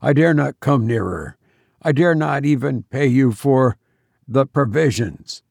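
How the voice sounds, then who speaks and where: Man doing a husky old man, frightened, starving, pleading, slow, dry close sound. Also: mid-range voice, lively intonation, dry recording, heavily acted. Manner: hushed, pleading and halting.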